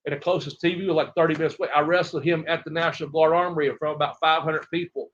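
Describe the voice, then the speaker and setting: A middle-aged man from Tennessee, a retired wrestler telling rambling, animated stories as an interview guest and acting out other people's lines. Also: a little high, racing, a little hiss or hum. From Tennessee, USA. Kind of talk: casual storytelling interview. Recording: dull lo-fi audio.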